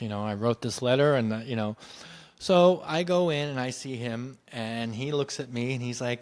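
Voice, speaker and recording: A man in casual storytelling, animated and acting out what others said. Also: medium pitch, moderate pace. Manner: animated, acts out quoted voices. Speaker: podcast guest telling his story.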